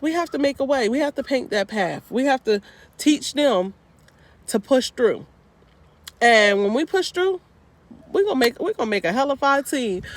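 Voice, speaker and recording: A woman vlogging from a parked car into a handheld phone, giving upbeat, repetitive, slangy encouragement. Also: on the high side. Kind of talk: motivational casual talk to camera.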